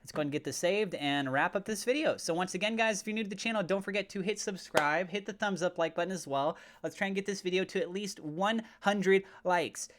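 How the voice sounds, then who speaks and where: A man hosting a crypto channel, talking through price levels on charts in a steady way, with fillers like uh. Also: high voice, brisk, few pauses. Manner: mock-gushing and over the top when praising. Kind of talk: chart analysis commentary.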